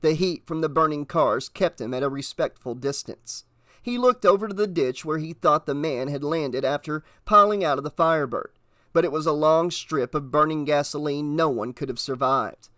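A man narrating an audiobook in a steady, measured reading voice. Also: on the high side, dry recording, studio quality.

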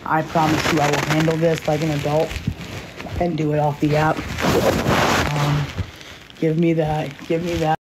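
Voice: mid-range voice, level tone, measured pace, pauses often, heavy background noise. A streamer in an unscripted live stream on a phone, tense and angry but holding it in, talking in repetitive pleading phrases and often asking "okay?".

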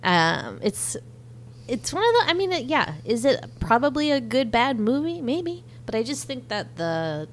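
A woman's voice: fairly high pitch, very animated, a little slow, a little hiss or hum. A woman co-hosting a podcast, chatting casually about a movie, laughing often and swearing now and then. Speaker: podcast co-host.

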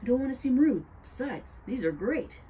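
A woman's voice: high-pitched, animated, moderate pace, mellow, a little hiss or hum, pitched above the performer's own voice. A woman voicing a polite, anxious young boy in an earnest tone. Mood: nervous.

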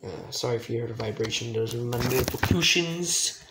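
A man's voice: medium pitch, brisk. A man giving live gameplay commentary as he plays, frustrated, self-mocking and swearing a lot. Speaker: gamer streamer. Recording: echoey room with background noise and keyboard clicks.

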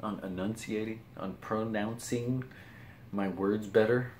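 A man from the US Pacific Northwest with a low, deep voice, chatting in a loose morning vlog ramble. He restarts his phrases, laughs at himself and lets his words come out a little mumbled. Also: fairly even intonation, unhurried, a little mellow, a little hiss or hum. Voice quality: slightly mumbled. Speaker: vlogger. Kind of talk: casual morning ramble to camera.

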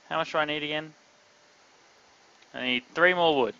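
A young man giving live gameplay commentary, excitable, talking to his chat and yelping when startled. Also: fairly high pitch, normal speed, gravelly, long pauses, no echo, highs cut off. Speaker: gamer streaming live.

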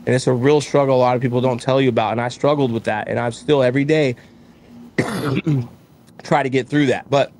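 A thirtysomething business owner with a mid-range voice talks fairly quickly but pauses often during a relaxed interview, with slight background noise. His storytelling is frank and lively, complete with acted-out quoted voices.

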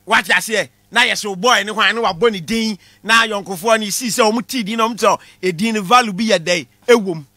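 A man with a Ghanaian accent giving a comic lecture in a lively way, shouting out his punchlines. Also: sits high, brisk, few pauses, no echo. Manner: animated, shouting punchlines, mixing Twi with English. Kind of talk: comedy class monologue.

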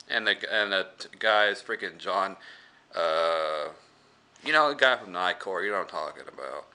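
A man's voice: low voice, lively intonation, normal speed, sharp tone. A man giving a casual movie review, rambling with many fillers and restarts.

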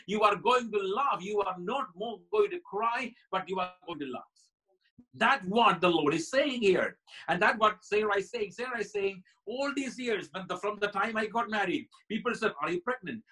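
A man's voice: high-pitched, sharp tone, poor audio. A man preaching a sermon as pastor at a Bible study, emphatic and building his points through repeated phrases. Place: church.

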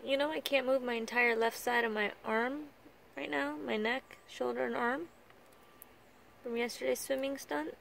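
A woman with a slightly high, gravelly voice talks softly and teasingly, coaxing someone who is sulking. She is outdoors at a beach, and a faint hum of open-air ambience sits behind her. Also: fairly even intonation, measured pace, low-quality recording. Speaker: vlogger. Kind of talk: casual talk to a pouting child.

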